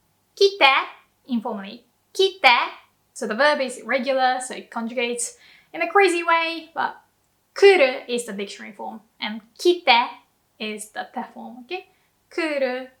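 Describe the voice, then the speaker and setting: High, bright-voiced woman teaching. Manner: lively explaining, frequent light laughter. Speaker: Japanese language teacher. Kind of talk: online language lesson.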